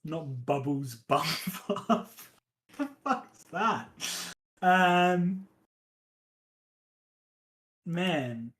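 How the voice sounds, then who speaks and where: A game master running a one-on-one tabletop game, talking hesitantly with many pauses and fillers. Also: medium pitch, lively intonation, fairly bright tone, rough recording. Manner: hesitant, many ums, counts aloud.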